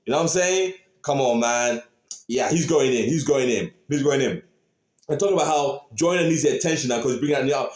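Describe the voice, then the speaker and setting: A man hosting a reaction video, talking casually and excitedly to his viewers and repeating his points. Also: mid-range voice, quick pace. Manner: animated, repeats phrases, talks to viewers. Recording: roomy echo.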